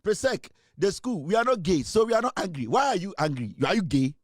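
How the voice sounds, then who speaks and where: Man, Ghanaian accent, high voice, teasing, repetitive rhetorical questions, dry close mic. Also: very animated, brisk, no echo. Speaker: online show host. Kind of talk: casual commentary monologue.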